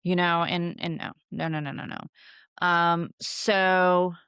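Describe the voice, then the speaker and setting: Woman, young adult, podcast host, casual and profane, lowish smooth voice, dry sound. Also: little pitch movement, slow pace, fairly bright tone, dry recording. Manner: candid, swears freely, many fillers. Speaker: podcast host teaching witchcraft. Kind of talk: casual storytelling lesson.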